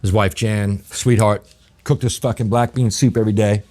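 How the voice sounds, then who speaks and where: A middle-aged man from New Orleans, a chef guest telling stories in a casual, profane, animated way and acting out the exchanges he quotes. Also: fairly low pitch, moderate pace. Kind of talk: casual storytelling.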